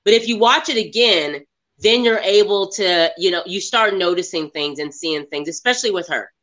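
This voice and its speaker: In a lowish, bright and sharp voice at normal speed, a woman gives a casual movie review chat about a film she's just seen. She animatedly retells scenes and keeps slipping into the characters' lines.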